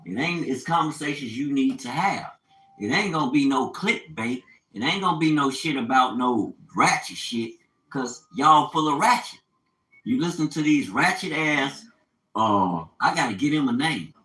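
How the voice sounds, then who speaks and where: An older male vlogger delivers an unscripted, profane, preachy rant, quoting scripture in a fiery preaching tone. His medium-pitched voice is slightly bright, with lively intonation and moderate pace, on a reverberant, low-quality recording.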